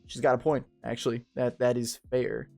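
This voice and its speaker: Tipsy, gravelly-voiced man gaming. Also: mid-range voice, level tone, moderate pace, darkish tone, faint music behind. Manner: rambling, profane, tipsy and joking. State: drunk. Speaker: game streamer. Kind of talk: casual let's-play commentary, reading game text aloud.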